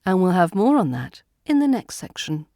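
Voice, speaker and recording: A woman with a British RP accent hosting a podcast lesson on accents, speaking in a clear, measured teaching manner into a close mic. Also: fairly low pitch, big pitch swings, dark tone, dry recording. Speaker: accent coach and podcast host.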